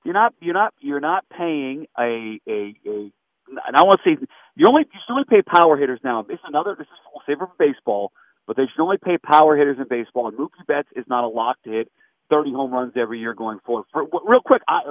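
A man's voice: fairly high pitch, quick pace, no echo. A man, a sports radio host talking animatedly and emphatically in a phone-in chat. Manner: animated, emphatic, mimics callers. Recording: tinny phone line, dry.

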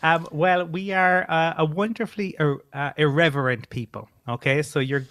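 A chatty man from Cork speaks in a Cork Irish accent, a little higher in pitch than most men. His voice is dry and close, with no room sound around it. He tells stories in a wry, easygoing way. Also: fairly even intonation, normal speed, fairly bright tone, dry recording. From Ireland, Cork. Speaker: guest. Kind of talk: casual podcast chat.

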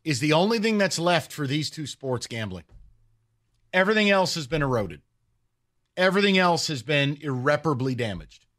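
A man co-hosting a sports talk podcast, opinionated and lively, posing questions to listeners. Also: fairly high pitch, normal speed, no echo, clean studio sound. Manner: animated, opinionated, rhetorical questions.

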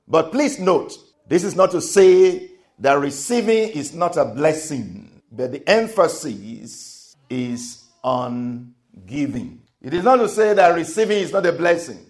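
Guy preaching, kinda high voice, says everything twice, goes loud then quiet. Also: animated, measured pace. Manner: emphatic, repeats each point, rises and falls in loudness. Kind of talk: sermon.

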